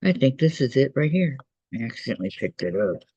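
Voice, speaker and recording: Male craft-show host, husky voice, mid-range pitch, chatty work-along delivery with viewer messages read aloud. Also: sing-song, fairly quick, darkish tone, no room sound, muffled recording. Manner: mutters to himself while working and reads out viewer messages. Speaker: host of a quilting shop's online meeting. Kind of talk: casual crafting demonstration.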